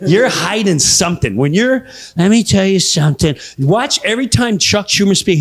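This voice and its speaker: A middle-aged comedian rants on stage, his voice sitting high for a man and swinging wildly up and down. He keeps breaking into loud, shouted voices for his bits. The delivery is restless and full of energy. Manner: animated ranting, jumps into loud shouted voices. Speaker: stand-up comedian. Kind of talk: live stand-up comedy.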